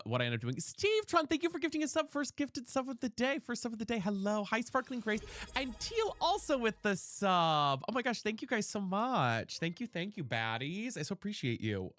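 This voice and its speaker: Young guy streaming from his room, super bouncy voice, kinda high, yaps and cusses at chat, dry close mic. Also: moderate pace, hardly any pauses, no room sound. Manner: chatty and animated, greets chat by name, swears casually. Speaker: live streamer. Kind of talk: casual live-stream chat while playing a game. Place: room at home.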